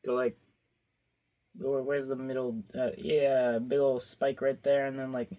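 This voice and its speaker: A man's voice: mid-range voice, level tone, unhurried, dark tone. A young man with a mid-range voice talks casually to himself while he draws, rambling and goofy. He wanders between thoughts and comments on his own work in an offhand way. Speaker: artist vlogger. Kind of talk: casual talk while drawing.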